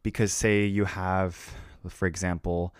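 A man's voice: low voice, flat delivery, a little slow, smooth, no room sound, studio quality. A man co-hosting a casual podcast, chatting in a playful, rambling, jokey way. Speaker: podcast co-host.

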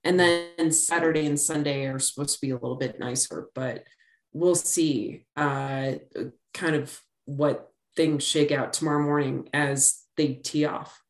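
A woman's voice: deep voice, fairly even intonation, measured pace, echoey room. A middle-aged woman co-hosting a sports podcast, chatting casually with a rambling, filler-heavy way of talking. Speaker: podcast co-host.

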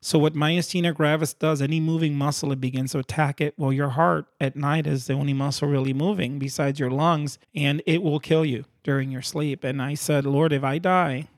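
Man, a bit high-voiced, earnest testimony guest who acts out his dialogues with God. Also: a little fast, few pauses. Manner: animated storyteller who acts out his prayers and God's replies. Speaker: guest sharing a faith testimony.

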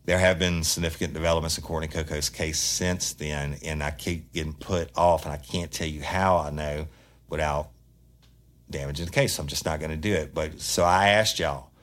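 A man's voice: rumbling low, steady tone, normal speed, a bit bright. A man hosting a true crime podcast, talking bluntly and heatedly in a casual monologue, swearing freely.

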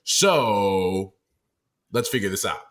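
A man in casual sports chat on a podcast, with a bright, sharp voice. He reacts emphatically and with animation. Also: on the low side, expressive, slow pace. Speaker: weekly podcast regular.

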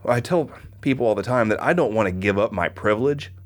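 A man's voice: lowish voice, brisk. A middle-aged man from the American Midwest, hosting a podcast and telling a story in casual conversation, acting out the people in his anecdotes. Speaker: podcast host.

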